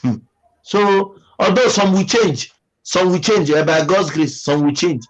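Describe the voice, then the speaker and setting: A man's voice: high voice, a little slow, poor audio. Emphatic Nigerian man hosting a livestream. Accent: Nigerian English. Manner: preachy, emphatic, repeats himself. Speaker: livestream host. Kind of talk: casual livestream chat reading comments.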